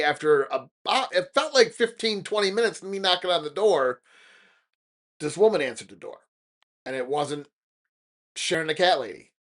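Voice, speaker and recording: Man telling a spooky story, fairly high voice. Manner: animated, dramatic storytelling with rising excitement. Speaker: podcast host. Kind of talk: casual storytelling.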